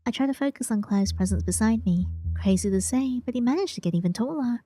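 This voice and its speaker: Brief: woman narrating a story game, fairly high, mellow voice, faint music under. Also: fast talker, low-quality recording. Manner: expressive, reacts aloud to the story. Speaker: player reading a story game aloud. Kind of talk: first-person story narration with asides.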